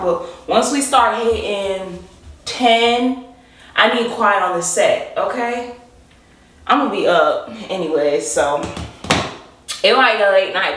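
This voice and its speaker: A young college woman chats playfully and directly to her viewers, filming herself on a handheld phone. Her voice sits at a middling pitch, and steady background noise runs under the phone audio. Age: young adult. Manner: chatty, playful, talks straight to viewers. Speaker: college student vlogger. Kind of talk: casual vlog chat to camera. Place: outdoors on a windy day, then in a car.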